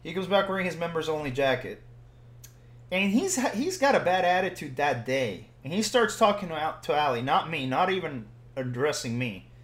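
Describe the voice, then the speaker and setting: A man from Puerto Rico telling a story in casual chat, animated and building to loud bursts when excited. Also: a little high. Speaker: podcast host telling a story. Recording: roomy echoing room.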